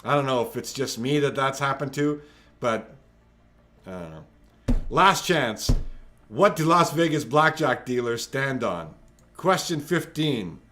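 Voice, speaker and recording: A man's voice: mid-range voice, animated, a little slow, bright, forceful tone. A man hosting a live-streamed trivia night from home, reading questions and joking with players in a chatty, teasing way. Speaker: trivia quiz host.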